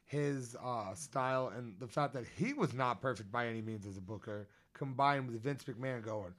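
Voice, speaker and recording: A man's voice: medium pitch, moderate pace, hardly any pauses, fairly bright tone. A man co-hosting a podcast, casual and profane, explaining at length. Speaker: podcast co-host.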